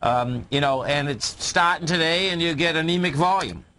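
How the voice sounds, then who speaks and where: A man co-hosting a radio market talk show with callers speaks at a moderate pace in a slightly high, sharp-toned voice. As a market analyst, he addresses listeners with emphasis and repeats phrases, all on a radio broadcast.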